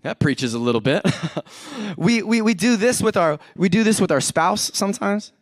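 A man preaching a humorous sermon as pastor, energetic and joking, often acting out everyday complaints. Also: high-pitched, normal speed, no room sound. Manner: energetic, joking, self-described overcaffeinated; acts out everyday complaints in quoted voices.

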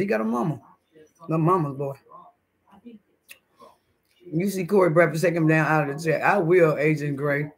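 A man's voice: fairly high pitch, moderate pace, long pauses. A man hosting a casual live stream, chatting and reading the chat aloud as he eats breakfast, laughing often. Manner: laughs often, with sudden loud outbursts.

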